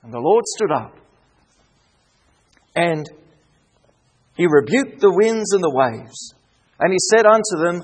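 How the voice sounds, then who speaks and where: A man preaching a sermon with rising fervor and dramatic pauses. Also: sits high, lively intonation. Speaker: pastor.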